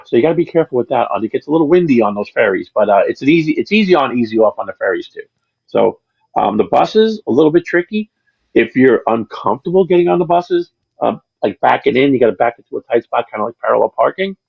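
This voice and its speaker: A man's voice: medium pitch, expressive, fast, vocal fry, breathy edge, dry recording, lo-fi sound. A man being interviewed about his channel, chatting casually on a livestream and telling long, rambling stories with many restarts. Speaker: channel creator, interview guest.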